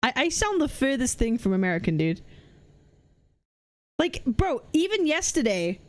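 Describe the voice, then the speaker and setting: A young Welsh woman with a Welsh accent, chatting casually on a live stream and answering her chat with animated disbelief. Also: sits high, normal speed. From Wales. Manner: animated, incredulous, teasing chat. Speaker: VTuber streamer.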